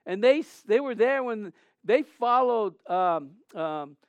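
Slow and animated, a pastor from Southern California preaches in a conversational style, his high, clear, smooth voice telling stories and frequently restarting phrases. The audio is narrow, tinny, and dry, with little room echo.

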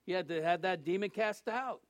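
A man preaching a sermon as a pastor, animated, acting out the people he quotes in shifting voices. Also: sits high, a little fast, no echo. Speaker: assistant pastor.

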